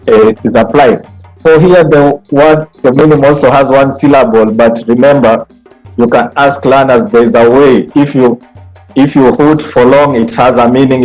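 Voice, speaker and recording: A man leads an online training for music teachers, explaining note values step by step. He chants rhythm syllables to show each beat, in a voice of middling pitch, speaking into a computer mic. Faint music plays behind him. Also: a little mellow, poor audio. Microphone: computer mic on a video call.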